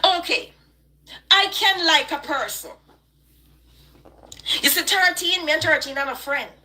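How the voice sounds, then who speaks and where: A woman's voice: high voice, animated, measured pace, pushed and bright. A woman with a Jamaican accent, hosting a live stream and delivering a passionate, preachy rant. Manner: emphatic and preachy. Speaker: online live-stream host.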